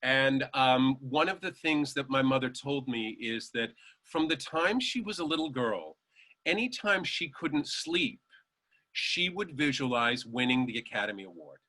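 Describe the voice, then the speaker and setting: A man telling lively anecdotes as an interview guest, acting out the voices of the people he quotes and laughing along. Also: medium pitch, unhurried. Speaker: guest storyteller.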